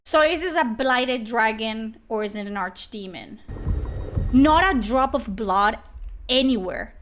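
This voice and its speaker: Young woman, streamer, sarcastic and cursing, high voice, unhurried delivery. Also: animated, a bit bright, soft background music. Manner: sarcastic, profane and blunt. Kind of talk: live-stream reaction commentary.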